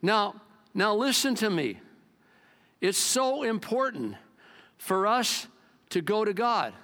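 A man preaching a sermon as pastor, talking to his congregation in an animated, conversational way. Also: slow. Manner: animated, conversational preaching with swings in pitch and loudness.

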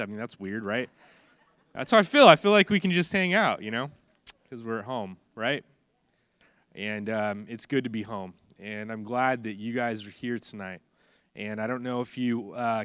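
Stuffy-nosed pastor, chatty sermon. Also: male voice, medium pitch, a bit bright, no room sound. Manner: casual, chatty, many fillers and restarts. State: stuffy nose from allergies. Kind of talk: conversational sermon.

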